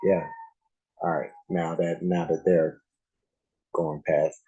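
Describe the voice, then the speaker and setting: A man's voice: a bass voice, little pitch movement, slow pace, warm tone, muffled recording. A man hosting a reaction video, talking loosely with lots of fillers and slang. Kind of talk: casual reaction commentary.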